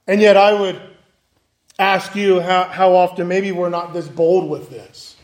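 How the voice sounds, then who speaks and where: A man's voice: high voice, flat delivery, a little slow, a little mellow. A man preaching a conversational evening sermon, acting out the voices of the people he quotes. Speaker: pastor.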